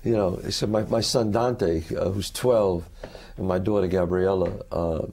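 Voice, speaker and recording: A man, an actor, talking as a guest in an interview and telling animated stories in which he acts out other people's lines. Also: sits low, unhurried. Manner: lively storyteller who acts out the quotes.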